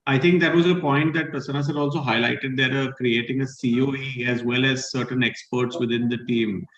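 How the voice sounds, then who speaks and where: Male moderator, quick delivery, muffled echoey sound, agreeable summaries. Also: mid-range voice, steady tone. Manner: agreeable, brief affirmations and summaries. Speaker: panel moderator. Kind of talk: panel discussion.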